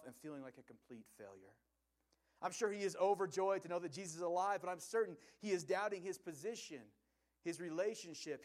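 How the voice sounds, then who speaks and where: A male pastor preaching an earnest, conversational sermon full of rhetorical questions. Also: on the high side.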